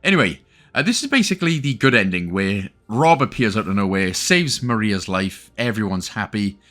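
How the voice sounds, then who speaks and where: A man's voice: lowish voice, animated, moderate pace, fairly bright tone. A Welsh man hosting an achievement guide, talking chattily with joking asides. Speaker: gaming channel host. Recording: faint game music behind.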